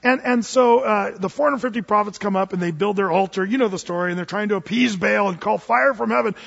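A male pastor preaching a sermon as an animated storyteller, swinging between loud bursts and hushed asides, with joking asides. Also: high voice, fast, vocal fry, breathy edge, big-room sound, lo-fi sound.

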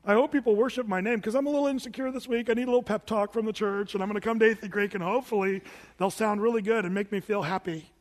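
A man's voice: high-pitched, steady tone, quick pace, close to an everyday voice. A man playing an insecure, needy god. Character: fretful insecure deity seeking praise.

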